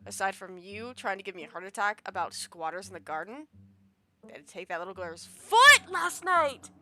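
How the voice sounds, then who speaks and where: A woman's voice: mid-range voice, fast, sharp tone, lightly acted. A woman voicing a grumpy, scowling adult woman, the player's cousin, who speaks bluntly and dismissively. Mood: gruff.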